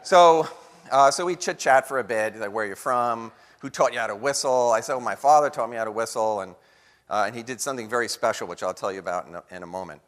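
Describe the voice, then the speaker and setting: A man giving a lively storytelling talk to an audience, acting out the voices of people in his story. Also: mid-range voice, fast talker. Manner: animated storyteller acting out quotes. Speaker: guest speaker. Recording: long hall reverb.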